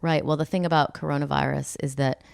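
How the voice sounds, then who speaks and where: A woman co-hosting a relationship podcast in casual, dry, low-key banter. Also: level tone, quick pace, gravelly, background noise. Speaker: podcast co-host.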